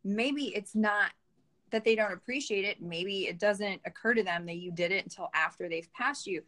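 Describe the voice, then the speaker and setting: A woman's voice: mid-range voice, normal speed, pushed and bright. A woman guest in a casual podcast interview, telling personal stories in a candid, reflective way.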